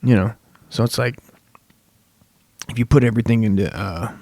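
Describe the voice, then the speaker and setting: A man's voice: fairly low pitch, moderate pace, a little mellow, no room sound. A young man hosting a comedy podcast, rambling through a crude, profane monologue full of swearing.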